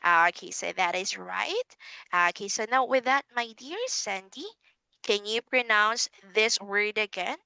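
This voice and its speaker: Teaching English online to a child, a young Filipino-accented woman speaks slowly and encouragingly, calling herself teacher. Her medium-pitched voice sounds creaky, bright, and forceful in a dry recording.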